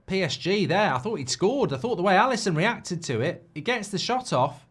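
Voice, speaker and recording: Excitable man hosting a match watchalong. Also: high voice, normal speed, breathy edge. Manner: excitable, sweary, chatty. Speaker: host. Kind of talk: live football watchalong commentary.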